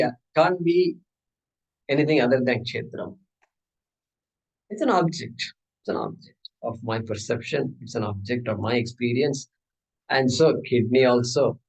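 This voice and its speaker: The recording is rough, and the man's voice is mid-range as he teaches scripture. He's animated and playful, acting out dialogues and asking the class rhetorical questions in a conversational tone.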